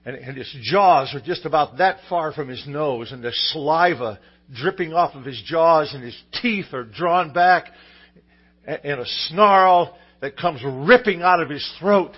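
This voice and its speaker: A man's voice: a little high, a little slow, slightly rough, highs cut off. A man preaching a sermon, telling a story in an easygoing way, with fillers and restarts. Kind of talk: sermon with a told joke story.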